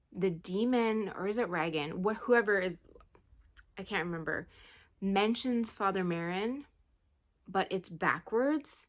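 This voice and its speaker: A woman's voice: medium pitch, a bit bright. A woman vlogger chatting casually about a book she read, retelling it in a rambling, emotional way with sighs. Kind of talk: casual book review chat.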